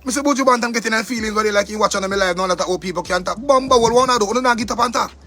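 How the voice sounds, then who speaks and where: A man's voice: high voice, very fast, bright, forceful tone, a little hiss or hum. A man with a Jamaican accent delivering an angry, profane monologue rant, repeating himself for emphasis. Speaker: commentator.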